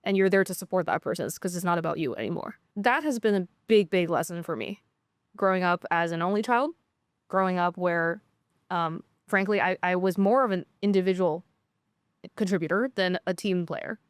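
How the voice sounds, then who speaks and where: A woman's voice: lowish voice, moderate pace, no room sound. A woman founder in casual conversation, talking earnestly and reflectively with frequent "um" fillers. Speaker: startup founder.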